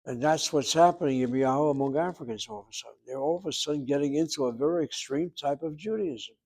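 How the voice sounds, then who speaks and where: A man's voice: on the high side, darkish tone, low-quality recording. Man teaching a Hebrew grammar class. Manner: explanatory, repeats words slowly to demonstrate pronunciation.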